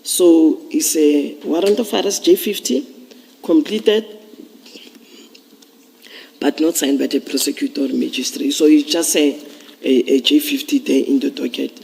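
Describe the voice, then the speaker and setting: Gravelly-voiced police witness. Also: male voice, fairly high pitch, darkish tone. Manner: measured, explanatory, hesitant restarts. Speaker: police officer testifying as witness. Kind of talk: formal testimony at a commission hearing. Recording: long reverb of a large hearing room.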